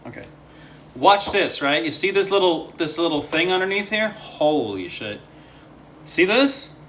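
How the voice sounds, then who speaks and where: A young man casually chatting on a live stream from his home setup, gushing and excitable and swearing freely. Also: fairly high pitch, measured pace, slight background noise.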